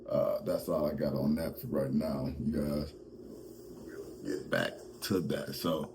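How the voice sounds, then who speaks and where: A man's voice: low-pitched, noisy background. A male host giving casual, comedic commentary, laughing often and rambling with fillers.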